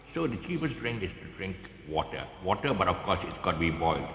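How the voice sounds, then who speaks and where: A very low-voiced man with a Malaysian English accent chats his way through a guitar lesson, his pitch swinging widely. He halts, restarts and chuckles often. The sound rings with a long echoey reverb over faint background ambience. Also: sing-song, fairly bright tone, a little hiss or hum. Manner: halting, many fillers and restarts, chuckles often. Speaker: guitar teacher. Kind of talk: casual rambling tutorial chat. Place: outdoors, in the open.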